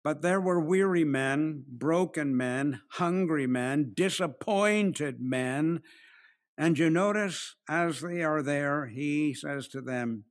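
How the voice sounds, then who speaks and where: A man preaching an expository sermon, slowing down to stress key phrases and acting out the quoted lines. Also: a little high. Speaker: pastor.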